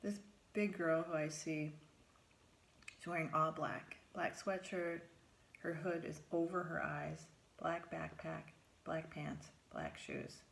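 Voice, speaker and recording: A middle-aged woman tells a personal story in a low voice with a gravelly edge. She speaks as a therapist recalling her work. She acts out her own lines a step higher and sinks to a hushed whisper for her private thoughts. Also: fairly even intonation, slow.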